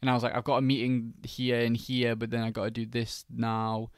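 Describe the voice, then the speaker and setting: Young guy hosting a chat podcast, smooth clear voice, dry sound. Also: mid-range voice, monotone, fairly quick, no room sound. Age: young adult, university student. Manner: easygoing, laughs along, candid. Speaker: podcast host.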